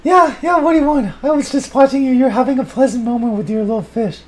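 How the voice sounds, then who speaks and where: A man doing a soft high-voiced woman. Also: fast, low-quality recording. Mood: teasing.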